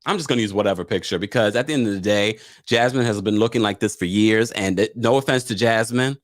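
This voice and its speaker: A man's voice: fairly low pitch, quick pace. A man hosting a live recap stream, chatting casually, reading viewer comments and laughing between remarks. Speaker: live recap show host.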